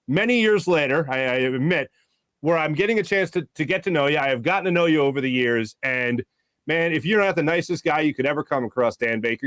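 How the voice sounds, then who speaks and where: A man in his thirties hosting a sports talk show, interviewing a guest in a quick, chatty, enthusiastic way. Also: a little high, no room sound, clean studio sound. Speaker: sports radio host.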